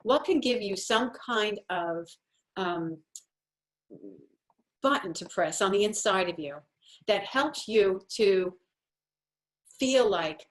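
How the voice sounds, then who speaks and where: A woman's voice: medium pitch, animated, slow pace, long pauses. A woman home-organizing coach giving a chatty, encouraging talk while sharing her screen. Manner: chatty and encouraging, acts out little quoted voices.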